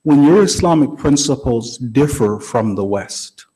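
A man's voice: mid-range voice, animated, a little slow, warm tone, rough recording. A man giving a sermon in a conversational way, often checking in with the audience. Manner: conversational, keeps asking the audience "right?". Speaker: religious speaker.

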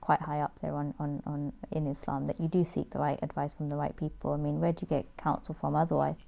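Low gravelly woman hosting a talk show. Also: little pitch movement. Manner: thoughtful, measured, with fillers. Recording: slightly dull lo-fi sound.

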